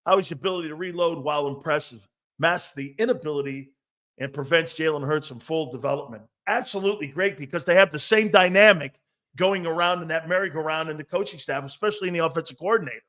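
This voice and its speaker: Man, middle-aged, sports talk host, brash, profane, laughs a lot, high-pitched, casual. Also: fast, a bit bright. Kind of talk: casual sports talk show, reading live chat.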